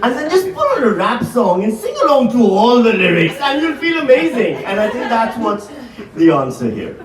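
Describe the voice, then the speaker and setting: Guy in his 40s doing stand-up, high lively voice, roomy hall, crowd laughing, mic kinda far. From Pakistan. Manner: animated, profane, quick asides to the crowd. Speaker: stand-up comedian. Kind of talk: stand-up comedy. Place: large hall, live audience. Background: audience laughter.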